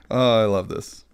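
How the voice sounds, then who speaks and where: A man's voice: on the low side, clean tone. A man hosting a mobile gaming channel, chatting casually, laughing often and joking at his own expense, with bits of dramatic reading.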